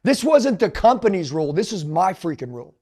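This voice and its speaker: A middle-aged man, a sales trainer, telling his story in an intense, emphatic motivational way that swings between loud pushes and low asides. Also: sing-song, fairly quick.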